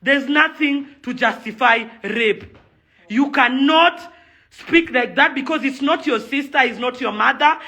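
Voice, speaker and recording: A young Kenyan woman speaking in a fairly high, bright, tense voice. She rants angrily and with heavy emphasis, hammering the same points again and again. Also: unhurried. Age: young adult. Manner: furious, emphatic, repeats her points. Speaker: socialite and event organizer. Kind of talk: angry video rant.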